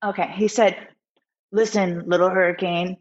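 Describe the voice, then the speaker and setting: A woman guest musician telling a personal story in a candid interview, animated and full of fillers. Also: on the low side, normal speed, highs cut off.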